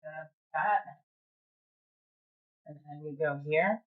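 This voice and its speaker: Hosting a livestream from her home through her phone camera, a woman from New Jersey rambles casually with lots of fillers in her New Jersey accent. She speaks slowly in a low voice with long pauses, and the highs are cut off.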